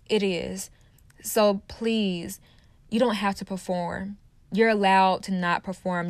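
A woman's voice: mid-range voice, dry recording. Passionate woman podcast host, dry sound. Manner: passionate, emphatic, repeats phrases for stress. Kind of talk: casual motivational podcast monologue.

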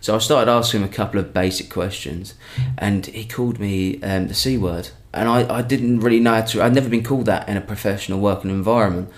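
A man's voice: fairly low pitch, steady tone, fast talker, hardly any pauses. A man, a comedian, telling a story in a rambling, chatty way with many restarts. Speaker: comedian guest. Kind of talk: casual storytelling in a podcast chat.

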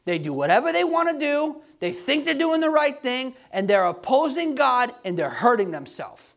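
A man preaching a sermon in an emphatic style, building up to shouts at its peaks. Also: very high voice, big pitch swings, moderate pace, vocal fry.

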